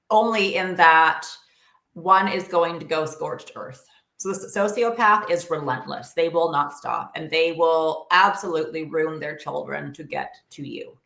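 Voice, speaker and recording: A woman guest coach explains advice in an earnest, emphatic way, leaning on fillers as she thinks aloud. Her voice sits a little low. The recording has a roomy echo. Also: gravelly, bright, forceful tone. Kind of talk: interview conversation, explaining advice.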